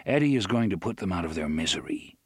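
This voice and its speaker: Gunslinger voiced by a man, stern, laconic, low and slow, grave, audiobook, dry recording. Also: expressive, breathy edge, no room sound. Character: stern laconic male gunslinger, older mentor. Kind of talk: audiobook character voice.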